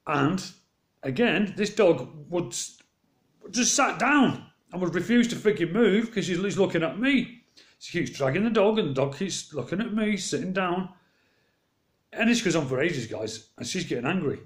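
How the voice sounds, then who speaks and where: A man's voice: high-pitched, moderate pace, echoey room. A man telling stories from his day in a casual, rambling vlog, acting out both sides of each exchange. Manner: rambling, animated retelling with quoted exchanges. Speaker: vlogger. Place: walking around outdoors.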